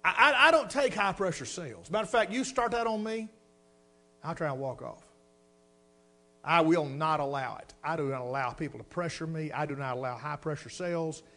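A man's voice: on the high side, animated, brisk, bright, forceful tone. A middle-aged man preaching a sermon, telling a folksy personal story and addressing the congregation as folks.

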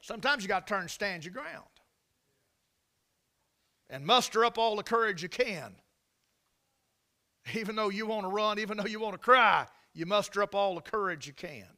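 High-voiced preacher, folksy and loud. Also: male voice, expressive, moderate pace, long pauses. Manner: folksy storytelling, rising to shouts. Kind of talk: sermon.

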